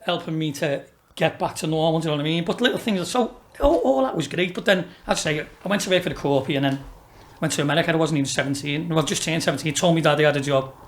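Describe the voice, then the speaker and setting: A man's voice: on the high side, quick pace, few pauses, a little hiss or hum. A man in his fifties from Liverpool with a Liverpool accent, a guest telling rambling, sweary stories with frequent laughs. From Liverpool, England. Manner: rambling, swearing storyteller who laughs often. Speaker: guest, racehorse owner. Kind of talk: casual chat.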